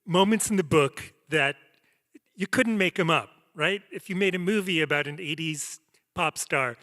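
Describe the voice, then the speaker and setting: A man's voice: on the high side, moderate pace, bright, forceful tone. Admiring man interviewing onstage. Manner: admiring, enthusiastic questions. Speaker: interviewer, music writer. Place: auditorium stage before an audience. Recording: long reverb of a hall.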